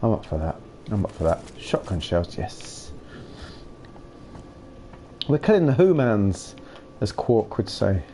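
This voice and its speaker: Young man, game streamer, rambling playful chat, very lively pitch, faint background hiss. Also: takes it slowly, pauses often. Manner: chatty, playful, rambling, breaks into silly shouts. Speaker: live streamer playing a game. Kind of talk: casual chat with live chat.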